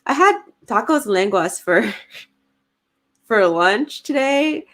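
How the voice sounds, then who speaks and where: A woman's voice: fairly high pitch, lively intonation, slow pace, a bit bright. A woman, co-hosting a casual livestream, chatty and giggly as she reads comments aloud. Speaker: podcast co-host reading live chat.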